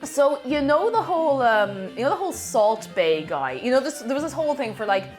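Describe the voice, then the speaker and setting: A woman's voice: sits high, big pitch swings, fairly quick, soft background music. A woman chatting casually on a cooking live stream, reading chat aloud and laughing often.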